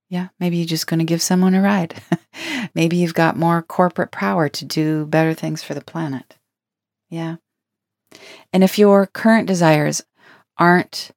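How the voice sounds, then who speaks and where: A woman's voice: low voice, darkish tone, dry recording, clean studio sound. A woman giving a reflective spiritual self-help talk, earnest and playful, laughing now and then between her points.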